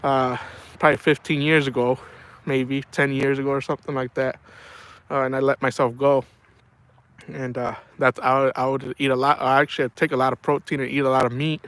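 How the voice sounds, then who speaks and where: A man's voice: medium pitch, flat delivery, fairly quick, a bit bright, no echo. A middle-aged man chatting casually on a livestream, telling rambling stories and saying "man" a lot. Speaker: livestream host.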